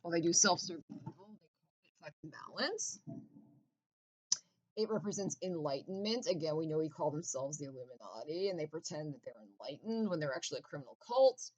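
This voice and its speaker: A woman's voice: deep voice, animated, brisk, low-quality recording. A woman in a casual, profane, intense rant with laughing asides.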